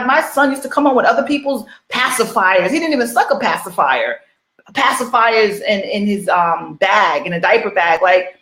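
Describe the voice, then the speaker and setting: A woman's voice: fairly high pitch, a bit bright, echoey room. A middle-aged woman coaching online business, talking casually and repeating rhetorical questions to her viewers. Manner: repetitive, rhetorical questions, chatty. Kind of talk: casual motivational livestream talk.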